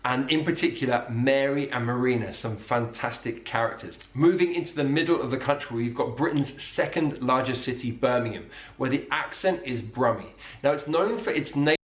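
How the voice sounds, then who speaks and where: A man teaching English accents in scripted narration, slowing down to demonstrate sounds. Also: medium pitch. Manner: explanatory, demonstrates sounds slowly. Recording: roomy echo.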